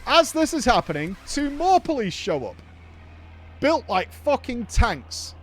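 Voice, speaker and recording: Lively high-voiced man telling a story. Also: a little slow, a little hiss or hum. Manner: animated, swearing, laughing while telling a story. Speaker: podcast host. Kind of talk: casual storytelling.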